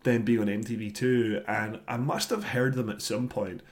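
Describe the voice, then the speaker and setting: A man's voice: mid-range voice, normal speed. A man in his thirties co-hosting a podcast, ranting casually about an album he disliked and swearing freely. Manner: grumbling, animated rants, swears freely. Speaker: podcast co-host. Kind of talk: casual album review chat.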